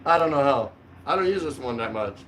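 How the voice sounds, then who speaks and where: A man's voice: medium pitch, expressive, brisk. A middle-aged man hosting a casual livestream chat from his couch, rambling with lots of fillers and frequent laughs. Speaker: vlogger host. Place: home, on the couch. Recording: distant mic with faint room noise.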